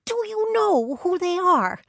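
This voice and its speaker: A woman reading an audiobook and voicing an excitable young woman who gushes over celebrities, squealing loudly. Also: extremely high pitch, measured pace, dry recording, clean studio sound, voice pushed up, exaggerated voice. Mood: gushing. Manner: squealing, breathless enthusiasm.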